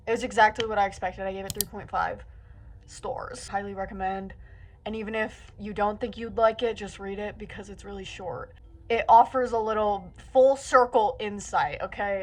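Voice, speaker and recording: A young woman in her late teens talking to camera in a casual vlog, anxious and rambling, swearing often. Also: medium pitch. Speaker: book vlogger.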